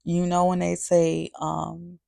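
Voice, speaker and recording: A woman's voice: on the low side, monotone, takes it slowly, vocal fry, mellow, no room sound, clean studio sound. A woman vlogger giving a candid, confessional testimony to camera, earnest and repeating her phrases for emphasis. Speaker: faith vlogger.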